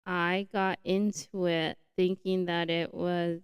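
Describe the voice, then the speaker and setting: A young woman hosting her own podcast on a new mic setup, chatting casually and excitably. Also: on the low side, slow, clear, resonant tone, dry recording. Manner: chatty, excitable, says like a lot. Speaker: podcast host. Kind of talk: casual solo podcast chat.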